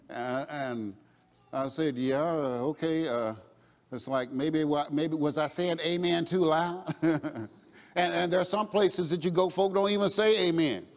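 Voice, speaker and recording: High-voiced preacher in a ringing hall. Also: male voice, a little slow. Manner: call-and-response preaching, shouting and chanting the refrains. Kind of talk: sermon.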